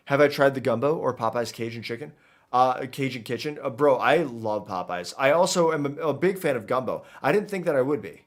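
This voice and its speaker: A man's voice: mid-range voice, expressive, a little fast. A man streaming a video game, chatting casually in a rambling, jokey way and often tripping over his words. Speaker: gaming streamer. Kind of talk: casual let's-play commentary.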